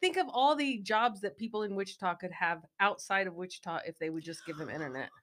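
A woman in her forties with a Midwestern accent, co-hosting a podcast in casual chat, playful and quick to laugh. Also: mid-range voice. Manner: laughs often, animated and playful. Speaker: podcast co-host. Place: recorded in Wichita, Kansas.

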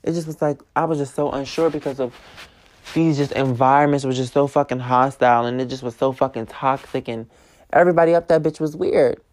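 A woman's voice: rumbling low, fairly even intonation, fairly quick, a little mellow. Blunt, profane young woman podcaster. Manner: blunt, profane and emphatic, repeating phrases for force. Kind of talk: candid personal storytelling.

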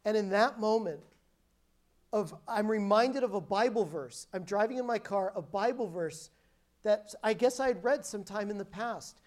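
A woman's voice: mid-range voice, normal speed, a little mellow. A woman preacher giving a sermon as a personal testimony, telling her story emphatically and often restarting her sentences.

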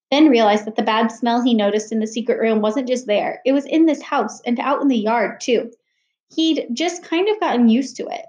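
A woman reading a children's novel aloud with expressive storytelling over a video call. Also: on the high side, normal speed. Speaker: reader leading a read-aloud. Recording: roomy echo.

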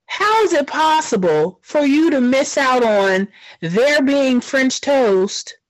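A woman's voice: sits high, very animated, slow, no echo, poor audio. A woman co-hosting a podcast, reacting with sassy, mock-outraged commentary in casual chat. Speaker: podcast co-host.

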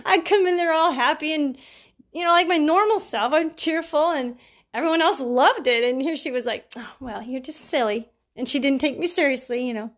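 A woman's voice: high-pitched, fairly quick. A middle-aged woman and caregiver giving casual advice, telling stories about clients with frequent laughs and acted-out quotes. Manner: chatty, laughs often, acts out quoted people.

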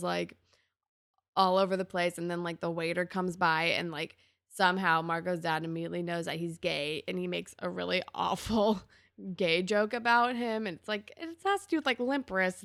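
A woman co-host talks casually through a TV episode, with a gravelly, fry-laden edge to her voice. She acts out characters' lines in sudden high, loud bursts. The recording is close and dry, with no room sound. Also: dry recording. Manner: animated, acts out characters' lines with big pitch jumps. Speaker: podcast co-host. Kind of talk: casual episode recap chat.

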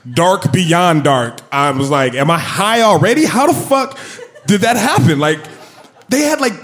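A man telling a comic personal story in an animated, profane, self-mocking way. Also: a little high.

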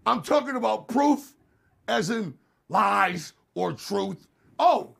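A man's voice: high voice, animated, slow pace, vocal fry, fairly bright tone, slightly rough. A man playing a lawyer in a mock courtroom comedy, ranting with exaggerated, profane indignation.

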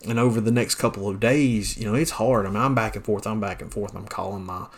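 A man's voice: on the low side, steady tone, fast talker. A man telling a personal story on his podcast, blunt and plainspoken, with many fillers and restarts. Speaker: podcast host, pastor.

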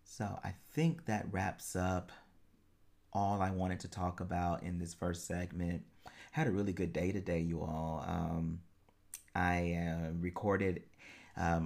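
A man's voice: deep voice, gravelly, a little mellow. A man hosting a solo podcast as a life coach, talking in an earnest, encouraging way and laughing easily.

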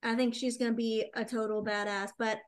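High-voiced emphatic woman co-host. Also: flat delivery, a little fast. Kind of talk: casual chat.

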